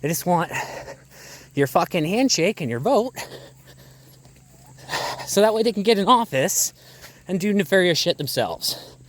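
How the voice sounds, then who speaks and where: A man's voice: high voice, expressive, unhurried, pauses often. A small-scale poultry farmer from Ontario ranting angrily and profanely into a phone while walking his farm, out of breath. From Ontario, Canada. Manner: heated, profane, rhetorical questions. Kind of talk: angry outdoor vlog rant. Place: outdoors on a farm among birds. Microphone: phone held one-handed. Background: faint farm ambience with ducks and fowl.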